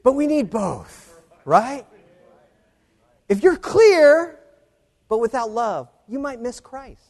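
A man preaching a sermon, animated, building to emphatic peaks and checking in with rhetorical questions. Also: very high voice, measured pace, husky, big-room sound.

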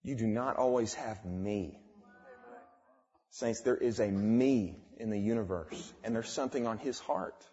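A young man giving a fervent testimony in a sermon, dropping quiet and then rising to exclamations. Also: on the low side, a little slow. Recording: dull lo-fi recording.

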